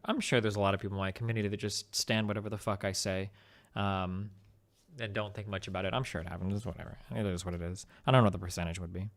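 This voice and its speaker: A man's voice: sits low, steady tone, fast talker. A young man streaming, talking casually and bluntly with lots of swearing and rambling fillers. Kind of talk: casual profane chat on stream.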